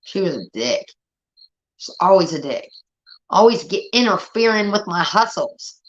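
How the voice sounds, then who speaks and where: This thirties-aged streamer speaks unhurriedly in a lowish voice. Swearing freely, she tells family anecdotes with lively impressions of relatives, captured in muffled lo-fi sound.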